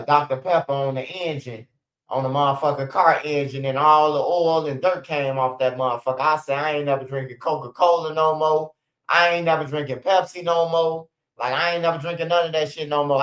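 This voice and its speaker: A fairly bright voice on the high side belongs to a channel host in his 40s. He tells casual, profane stories on a livestream that ramble, with many restarts and bursts of laughter, all captured in roomy, dull, lo-fi audio.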